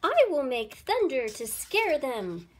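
A woman's voice: high-pitched, huge pitch swings, takes it slowly, slight background noise, pitched above the performer's own voice, exaggerated voice. A woman voicing a boastful, jealous fairy in a storybook read-aloud, screeching her claims. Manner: screeching, showing off.

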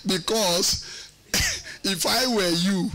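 A man's voice: sits high, steady tone, extremely slow, bright, forceful tone. A man preaching a sermon as pastor, emphatic and teasing, using call-and-response questions and repeating words for effect.

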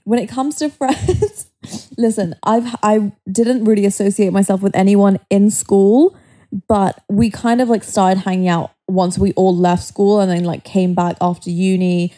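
A woman's voice: medium pitch, fairly even intonation, unhurried, dark tone. A young woman co-hosting a podcast, talking bluntly and casually with many fillers and swearing. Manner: blunt, frequent "like", swears, laughs easily. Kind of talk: casual chat.

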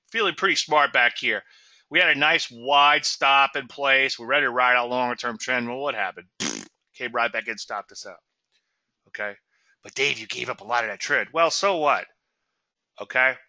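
A man's voice: mid-range voice, sharp tone, no room sound, highs cut off. A middle-aged man from Louisiana giving trading commentary in a chatty webinar, with sarcastic asides and a habit of tagging "okay?" onto points.

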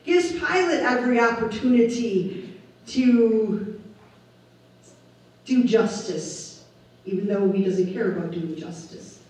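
A woman pastor delivering a sermon, preaching deliberately with emphatic rises on key words. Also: a little high, a little mellow. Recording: echoey room, voice from far off the mic.

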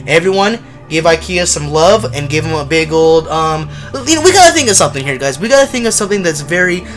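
A livestreamer giving casual horror game commentary, chatty with viewers and prone to loud yelps and nervous laughter. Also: mid-range voice. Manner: chatty, talks to chat viewers.

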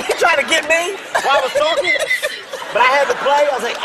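Comic storyteller, man, from Philadelphia, very high and bouncy, loud crowd and noise behind. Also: moderate pace. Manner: animated, laughing, yelling punchlines. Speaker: talk show guest. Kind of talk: comedic storytelling. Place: television studio with audience. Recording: loud studio audience laughter, noisy.

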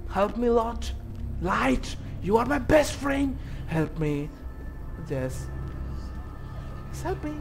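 A man's voice: extremely high pitch, sing-song, slow, creaky, pauses often, music in the background. A man giving let's-play commentary on a horror game, swearing constantly and rambling nervously in a panic. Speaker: gaming YouTuber.

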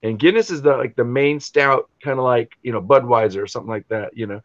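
A man hosting a casual stream, telling a long story in a rambling, animated way, full of fillers and restarts. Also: mid-range voice, fast talker, no room sound, lo-fi sound. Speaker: stream host.

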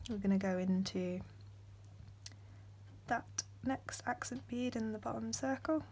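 A young woman, hosting a step-by-step beading tutorial in a soft voice that often drops to a whisper, with frequent ums. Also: a little high, measured pace, a little hiss or hum.

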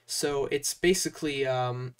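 A young man hosting a casual software tutorial, talking loosely and chattily with lots of "uh" and "like" fillers. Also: medium pitch, a little slow, clear, resonant tone, distant mic. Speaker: tutorial host.

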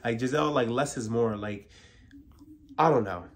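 A man's voice: mid-range voice, normal speed. A man giving a casual, opinionated recap of a reality TV episode, peppering his talk with "like". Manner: opinionated, filler-heavy with frequent "like". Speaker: TV recap vlogger.

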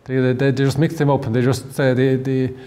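Southern Irish male lecturer, warm low tone, stumbling repeats, reverberant room. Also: flat delivery, a little fast. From Ireland. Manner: repeats words, restarts often. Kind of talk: online lecture.

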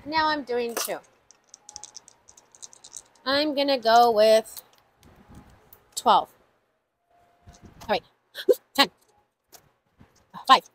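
A woman's voice: sits high, a bit bright, rough recording. A woman hosting a casual budgeting vlog, chatting to viewers, counting numbers aloud and exclaiming often. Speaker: budgeting channel host. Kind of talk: casual savings-challenge vlog.

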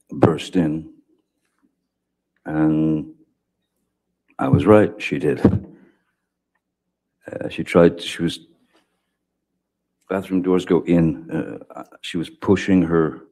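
A man testifying from the witness stand in a courtroom, his voice extremely deep and dark in tone. He talks slowly and haltingly, stopping and restarting his sentences and filling gaps with hesitant pauses. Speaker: trial witness.

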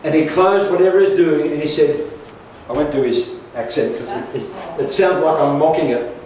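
Speaking at a moderate pace in a slightly high, darkish voice, an older pastor preaches to his congregation, weaving humour and asides into a personal story. He is heard from far away in an echoey church hall, with slight background noise.

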